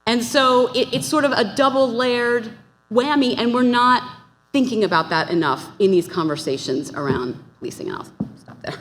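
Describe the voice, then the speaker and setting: A woman's voice: on the high side, moderate pace, a bit bright. A woman speaking on an academic panel, earnest and argumentative, often restarting phrases. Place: conference hall. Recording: conference hall reverb.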